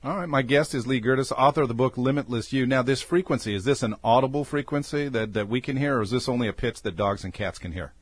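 A man's voice: medium pitch, quick pace, hardly any pauses, slightly rough, no echo. A man hosting a radio talk show, reading a formal guest introduction and then interviewing his caller. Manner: reads guest bio formally, then chats.

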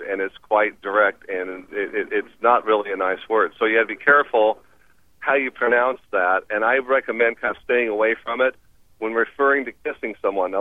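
A man's voice: medium pitch, no echo. A man guest explaining foreign phrases on a radio interview in an upbeat, teacherly way, laughing easily. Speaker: language expert guest. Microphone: phone call. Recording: tinny phone line.

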